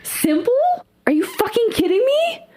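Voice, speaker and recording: A woman's voice: lowish voice, slow, a little mellow. A woman voicing a defiant, restless woman criminal in a tabletop game, talking bluntly.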